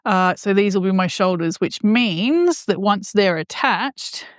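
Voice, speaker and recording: A woman's voice: medium pitch, expressive, measured pace, no echo, studio quality. A woman crochet vlogger chatting casually as she explains each step of her project. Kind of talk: casual how-to narration.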